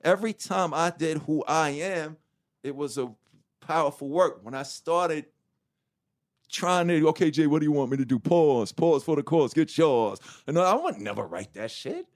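A middle-aged man speaks candidly in an interview, his voice sitting a little higher than most men's. He tells his story with energy, swears freely, and slips into the voices of the people he quotes. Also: moderate pace. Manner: animated, swearing, acts out quotes. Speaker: guest.

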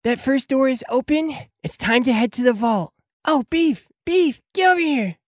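A game master voicing a small, scurrying female heist boss creature who gives brisk, bossy orders in a tabletop game. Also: sits high, lively intonation, dry recording, clean studio sound, pitched above the performer's own voice. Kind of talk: tabletop role-play.

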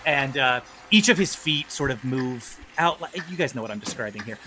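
A man narrating a tabletop game as game master, animated and quick to laugh. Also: medium pitch, slight background noise. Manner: animated, excitable, laughing often.

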